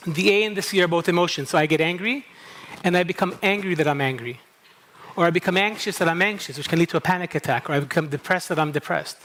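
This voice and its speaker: A man's voice: sits high, fairly bright tone, a little hiss or hum. A middle-aged man from Kuwait with a slight New England tinge to his English, giving a conversational talk at a conference and often checking in with the audience. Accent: American-tinged English from New England camp. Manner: conversational, asks the audience "okay?" often, self-interrupting. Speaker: speaker introducing a panel. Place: conference hall.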